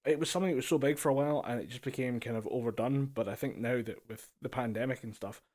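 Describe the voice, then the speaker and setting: A man's voice: mid-range voice, fast talker, a little mellow. A man in a home setup chats easily with his podcast co-host in a mid-range voice. He leans on filler phrases and laughs readily. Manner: easygoing, laughs often, uses filler phrases. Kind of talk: casual chat. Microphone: home mic over a voice call.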